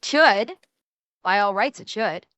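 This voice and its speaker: A woman with a Midwestern American accent chats casually as a streamer, laughing often. Her voice is bright and crisp, slightly high, and recorded dry and close. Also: animated, slow, no echo.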